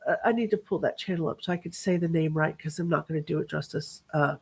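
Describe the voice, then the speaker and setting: A woman's voice: sits low, fast talker, vocal fry, few pauses, a little mellow, husky. A woman hosting a casual livestream, reading out viewer names and thanking them in a bubbly, chatty way with asides as she scrolls through comments. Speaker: livestream host.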